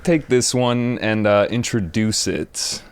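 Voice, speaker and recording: A man's voice: lowish voice, slow pace, slight background noise. A man hosting a podcast, with easygoing, laid-back banter. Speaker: podcast host. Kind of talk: casual podcast chat.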